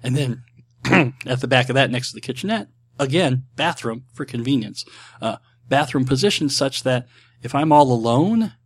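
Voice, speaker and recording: A man from Texas hosting a podcast, talking in a loose, rambling way with plenty of ums and quick self-deprecating jokes. His voice sits at an ordinary middle pitch for a man. It sounds like a relaxed solo chat into a desk microphone. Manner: chatty, self-deprecating, with frequent ums and asides. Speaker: podcast host answering listener questions. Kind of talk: casual rambling monologue.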